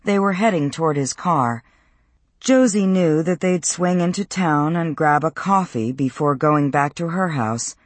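A man narrating a novel in a measured, even storytelling voice. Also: on the high side, no room sound. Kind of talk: audiobook narration.

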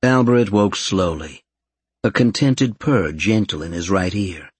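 Male audiobook narrator, very husky, lowish pitch, dry close sound. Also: unhurried, no echo. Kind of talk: scripted narration.

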